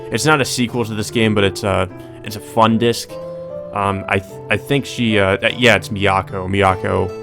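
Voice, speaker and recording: A man hosting a let's play, reading a visual novel aloud and breaking off for hesitant asides full of ums and restarts. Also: fairly low pitch.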